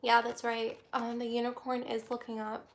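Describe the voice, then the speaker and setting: Woman with a slightly high voice, reading tarot on a stream; soft, halting, emotional. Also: completely flat delivery. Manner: soft, reflective, halting with many restarts. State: close to tears. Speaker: tarot reader.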